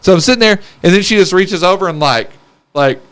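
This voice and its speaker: A young man on a podcast with a slightly high voice, chatting casually. He tells animated stories and acts out the voices of the people he quotes. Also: fairly quick, smooth. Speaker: podcast host. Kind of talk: casual chat.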